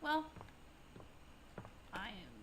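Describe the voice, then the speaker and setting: A woman's voice: mid-range voice, big pitch swings, extremely slow, noisy background. A woman streaming a video game, making sleepy, amused, casual comments while yawning.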